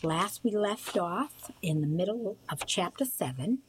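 A woman reading a novel aloud for a radio reading service, in a steady, plain storytelling manner. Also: medium pitch, a little slow, slight background noise, poor audio.

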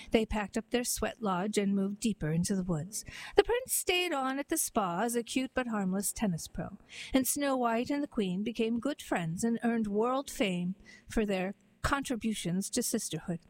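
A woman reading a comic story and poems aloud in an even, measured way. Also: fairly high pitch, no echo, rough recording. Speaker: reader.

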